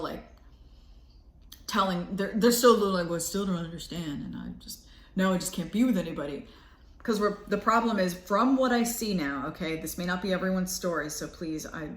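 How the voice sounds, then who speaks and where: Low-voiced woman chatting through a tarot reading. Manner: meandering and chatty, trailing off and restarting. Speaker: tarot reader. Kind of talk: casual tarot reading to camera. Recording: echoey room.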